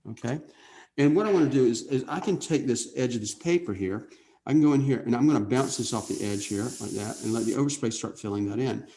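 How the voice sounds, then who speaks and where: Gravelly-voiced man demonstrating airbrush painting. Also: mid-range voice. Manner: relaxed, thinking aloud with frequent "okay?" check-ins. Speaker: art instructor.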